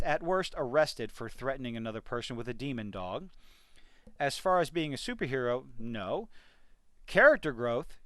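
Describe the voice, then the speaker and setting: A man's voice: medium pitch, fairly bright tone, dry recording. A man giving an exasperated, sarcastic rant in a video review of a TV series. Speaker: TV review vlogger.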